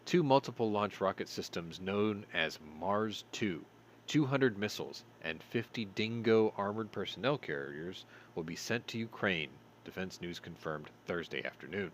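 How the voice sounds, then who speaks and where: A man's voice: deep voice, expressive, normal speed, slight background noise. A tired man hosting a show, reading news stories aloud and breaking off for sarcastic asides. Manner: sarcastic asides between read headlines. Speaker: show host.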